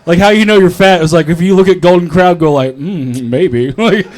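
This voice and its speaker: A young man from North Carolina with a high-pitched, fast voice and darkish tone does stand-up at an open mic comedy club. The comedian's set wanders, swears freely, and pokes fun at himself, with him laughing at his own jokes often.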